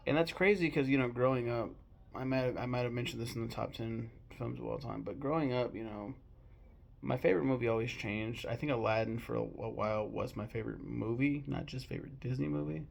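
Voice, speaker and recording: Young male vlogger, gravelly voice with vocal fry, casual and gushing with frequent cursing. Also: mid-range voice, a little fast. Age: 20s. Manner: candid, swears freely, emotional and gushing. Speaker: movie vlogger. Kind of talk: casual rambling film talk.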